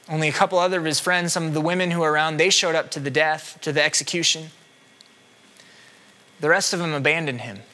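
A man preaching a sermon with dramatic delivery, swinging between loud cries and hushed tones. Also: fairly high pitch.

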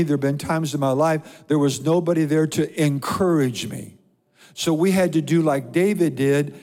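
A pastor preaches a sermon, a man with a somewhat high voice who reads scripture aloud and stacks up repeated lists. His voice rings with a long reverb from the church sanctuary. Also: darkish tone.

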